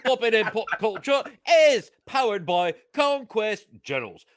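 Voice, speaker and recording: A man's voice: high-pitched, creaky, pushed and bright, dry recording, clean studio sound, exaggerated voice. A male producer voicing a put-on British accent while reading a sponsor ad in a theatrical manner. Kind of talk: sponsor ad read.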